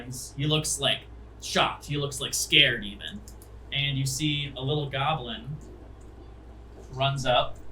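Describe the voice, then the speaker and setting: A man's voice: mid-range voice, bright, forceful tone, a little hiss or hum, rough recording. A man narrating a tabletop game as game master, rambling along with many fillers.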